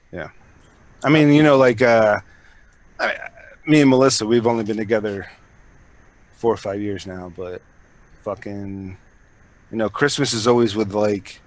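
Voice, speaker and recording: A man hosting a podcast in loose, rambling chat. He swears freely and piles on fillers as he talks. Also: lowish voice. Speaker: podcast host. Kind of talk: casual chat.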